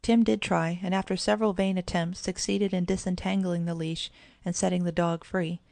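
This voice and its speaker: Woman narrator for a children's audiobook, lowish and gravelly, dry close sound. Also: level tone, moderate pace, darkish tone, no room sound.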